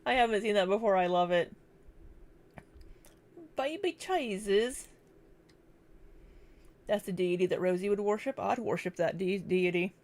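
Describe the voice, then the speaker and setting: A woman's voice: fairly low pitch, fairly even intonation, fast, few pauses, a little mellow. A woman vlogger chatting casually as she reacts to clips, laughing often.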